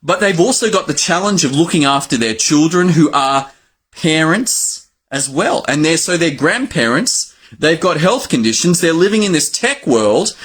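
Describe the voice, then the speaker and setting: Animated husky Australian man. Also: on the high side, normal speed. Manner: animated, acts out his own exclamations. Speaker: doctor and educator. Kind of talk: educational talk to doctors.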